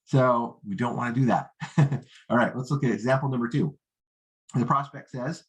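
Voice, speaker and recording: A man's voice: expressive, moderate pace. Confident male sales coach. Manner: confident, acts out rookie and prospect lines in higher voice; peppers talk with "right?" and "okay?". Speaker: network marketing coach. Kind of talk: coaching lesson.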